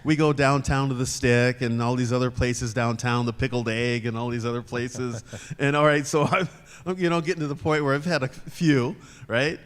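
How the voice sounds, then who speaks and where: A man's voice: mid-range voice, steady tone, normal speed, fairly bright tone, clear, resonant tone. An older man and former football player, guest at a live show, telling a long anecdote to an audience with frequent chuckles. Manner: storytelling, chuckles as he talks. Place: club room at a live show event. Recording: reverberant venue sound.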